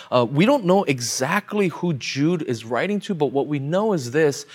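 A young adult male pastor preaching a sermon, explaining scripture and building to impassioned pleading. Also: mid-range voice.

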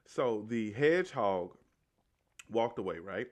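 A man's voice: fairly low pitch, expressive, takes it slowly. A man casually retelling a movie's story, rambling along with restarts, self-corrections and "right?" tags.

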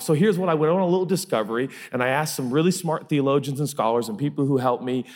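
A man's voice: mid-range voice, quick pace, hardly any pauses. A man preaching a sermon as pastor, emphatic and repeating phrases for effect, in a large church hall. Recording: long reverb of a large hall.

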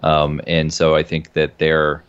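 A man with an extremely deep voice talks through a film in a relaxed, thoughtful manner, filling his pauses with fillers. The recording sounds dull and lo-fi, as if the top end were cut off. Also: smooth. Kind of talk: casual film review chat.

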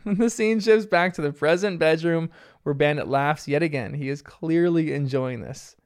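A man's voice: on the high side, moderate pace, smooth. A man casually recapping a cartoon episode in a chatty, rambling way, with lots of filler words. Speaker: show recapper.

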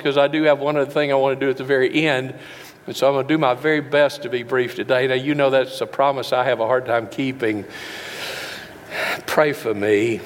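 A man preaching a sermon in a church, emphatic, slowing down to stress each verse. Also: mid-range voice. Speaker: pastor. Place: church sanctuary. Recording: long reverb of a large hall.

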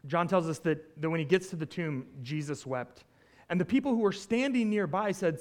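A man preaching a conversational sermon, retelling a scripture story with animated asides and frequent "right?" check-ins. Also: high voice, moderate pace. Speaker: pastor.

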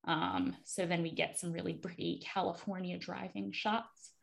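A woman co-hosting a podcast, chatting casually as she recaps a TV episode, relaxed and full of fillers. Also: on the low side, normal speed, vocal fry. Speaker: podcast co-host.

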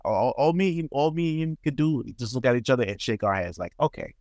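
A man co-hosting a casual podcast, telling a work story with animated, swear-laced reenactments. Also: fast, no echo, studio quality. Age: adult, calls himself too old for that. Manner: animated, acts out quotes with sharp pitch jumps, swears freely. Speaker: podcast co-host.

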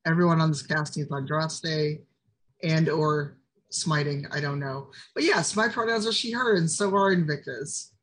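A woman introduces her tabletop game character with dry, teasing humor. She speaks at a relaxed, unhurried pace. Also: sits low, breathy edge. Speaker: tabletop game player and creative director. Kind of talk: casual live-stream chat.

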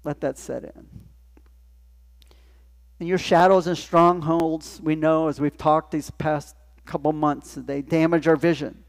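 Conversational pastor with a slightly high voice. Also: male voice, level tone, measured pace, gravelly, pauses often. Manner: conversational preaching with rhetorical questions. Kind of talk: sermon. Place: church.

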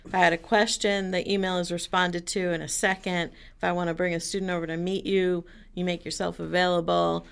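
A woman with a lower-than-usual voice and a gravelly texture talks casually and sincerely. She speaks with plain appreciation about a colleague. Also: little pitch movement, brisk, few pauses. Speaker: guest, university recovery program worker. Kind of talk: casual conversation.

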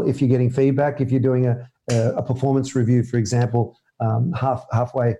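A man, a mindset coach answering interview questions in an energetic, emphatic way. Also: mid-range voice. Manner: energetic, emphatic, animated with quick bursts.

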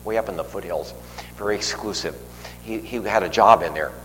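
A fairly quick, low-pitched older man with a fairly bright tone preaches a sermon. He tells a rambling story from his own life, stopping to restart and filling gaps often. The audio carries long reverb and faint noise.

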